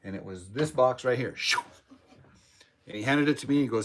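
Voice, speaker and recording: A man talks to his viewers in a loose, rambling way. He repeats words and acts out other people's lines as he tells a story. His voice sits at an ordinary middle pitch. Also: normal speed, fairly bright tone, a little hiss or hum. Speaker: podcast host, cigar box guitar builder. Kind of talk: casual chat with live chat viewers.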